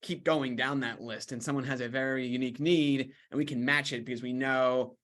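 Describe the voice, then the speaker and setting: A man's voice: medium pitch, fairly even intonation, fairly quick, fairly bright tone. A man hosting a casual interview who talks in an easygoing, affirming way with frequent fillers. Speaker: host.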